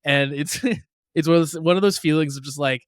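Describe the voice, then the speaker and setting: A man's voice: on the high side, normal speed, no echo, studio quality. A man co-hosting a podcast, talking in an enthusiastic, gushing way with lots of casual fillers. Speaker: podcast co-host. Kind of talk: casual chat.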